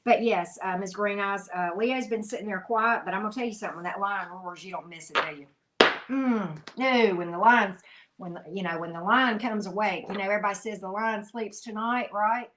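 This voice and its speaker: A woman's voice: mid-range voice, fairly quick, noisy background. Emphatic, folksy woman tarot reader. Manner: emphatic, folksy and chatty, with frequent "mm-hmm" asides. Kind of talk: live-stream tarot reading.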